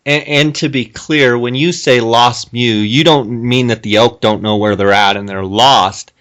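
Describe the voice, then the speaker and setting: A man's voice: mid-range voice, fairly even intonation, measured pace, fairly bright tone. A man hosting a podcast interview who talks casually, often restarts his sentences and asks leading questions. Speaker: podcast host.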